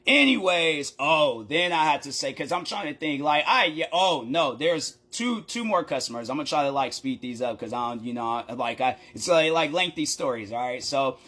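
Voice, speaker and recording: Animated man telling a bright story. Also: on the high side, normal speed, hardly any pauses. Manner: animated, rambling storytelling with frequent laughs and acted-out quotes. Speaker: content creator. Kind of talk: casual story time vlog.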